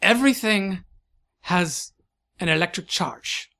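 A man voicing an eccentric, excitable scientist, full of halting "ah"s. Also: high voice, voice pushed up, heavily acted. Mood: eager.

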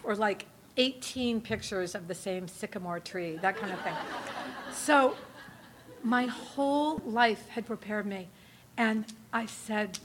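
Woman from New Hampshire, bright voice, pitched a bit high, rambling and laughing, casual testimony talk. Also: a little hiss or hum. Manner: chatty, rambling, laughs often, lots of fillers. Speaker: speaker giving a testimony talk. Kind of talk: casual storytelling to a live audience.

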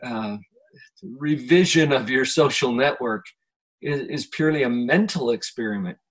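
A man hosting a podcast conversation, speaking in a slow, reflective coaching manner. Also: mid-range voice. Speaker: podcast host. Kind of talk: conversational interview.

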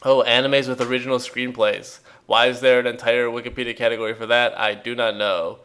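A man's voice: mid-range voice, flat delivery, a little fast, fairly bright tone. Rambling jokey man on a podcast. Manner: rambling, jokey, trails off with fillers. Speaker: podcast co-host. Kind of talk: casual chat. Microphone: remote call mic.

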